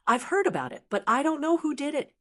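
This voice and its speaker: A woman's voice: high-pitched, very animated, fast talker, pushed and bright, pitched above the performer's own voice, heavily acted. A woman reading the lines of a composed young male martial master in an audiobook.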